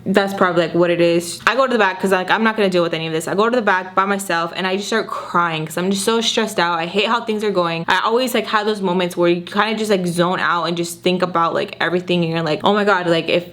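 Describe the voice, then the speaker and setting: Young female vlogger, animated storytelling to camera, chatty with constant "like"s. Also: on the low side, quick pace, hardly any pauses. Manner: animated retelling, full of filler "like"s. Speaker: YouTuber telling a story. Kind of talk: casual storytime vlog.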